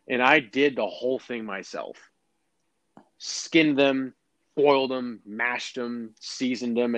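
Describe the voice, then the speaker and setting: A man co-hosting a podcast, telling a story in casual chat with lots of restarts and animated asides. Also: medium pitch, no echo, rough recording. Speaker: podcast co-host.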